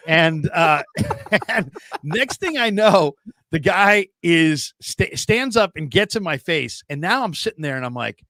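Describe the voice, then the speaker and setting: A man in his forties hosting a casual sports talk show, telling stories with lively acted-out quotes. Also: on the high side, normal speed, dry recording. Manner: animated storyteller, acts out quoted people. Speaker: show host. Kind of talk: casual sports podcast chat.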